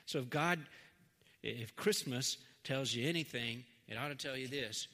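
A middle-aged man preaching a sermon, earnest, moving between quiet, slow stretches and emphatic lines. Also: mid-range voice. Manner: earnest, swings from soft to emphatic. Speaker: pastor. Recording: long hall reverb.

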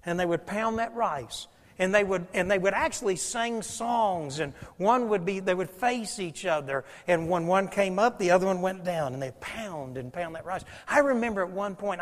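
A male pastor delivering a sermon in a fairly high voice, animated in his storytelling and dropping from loud stretches to near hushes. His voice carries a long reverb from the church sanctuary.

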